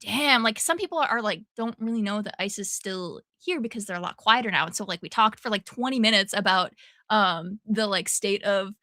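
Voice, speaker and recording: A woman's voice: medium pitch, brisk, dry recording. A woman chatting casually as a podcast cast member, telling stories with lots of swearing and laughter. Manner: swears freely, animated storytelling with frequent laughs. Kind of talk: casual chat.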